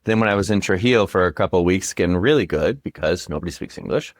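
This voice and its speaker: A man with a low, dry, close-miked voice chats casually as a podcast co-host. He gets animated and shoots up in pitch when a story excites him. He swears freely. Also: quick pace, no room sound. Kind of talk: casual chat.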